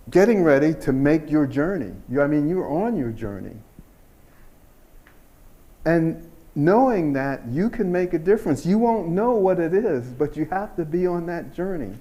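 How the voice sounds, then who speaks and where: An older man giving a keynote speech, telling his story in an unhurried, earnest way and laughing at himself now and then. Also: on the high side, dark tone. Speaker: keynote speaker.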